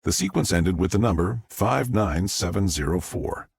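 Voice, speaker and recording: A man reading a novel aloud as an audiobook narrator, with a gravelly voice and a measured delivery. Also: low voice, animated, dry recording.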